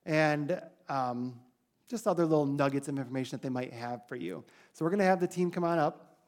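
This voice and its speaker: A man's voice: fairly high pitch, brisk. Male trip leader, chatty and casual, telling a church crowd about the trip. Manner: chatty, animated when quoting others. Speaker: mission trip leader giving a church report. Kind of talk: casual storytelling to a congregation.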